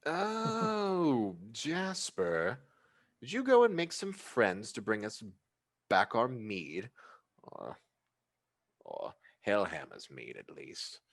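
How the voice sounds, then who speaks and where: A man's voice: lowish voice, huge pitch swings, slow, vocal fry, voice pushed up, full character voice. Man playing an eerie, gracious woman host.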